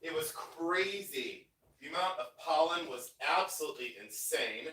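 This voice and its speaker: Casting: middle-aged male livestream host, stuffy-nosed and rambling, voice sitting a bit high. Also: lively intonation, normal speed, bright, forceful tone, breathy edge. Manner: chatty, rambling, thanks viewers often. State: congested, sniffly from sinuses. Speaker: livestream host, jewelry collector. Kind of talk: casual live-stream chat.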